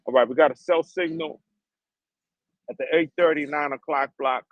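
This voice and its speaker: A man's voice: on the high side, normal speed, dry recording, dull audio. A man hosting a livestream, ranting in heated, profane street slang. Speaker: livestream host.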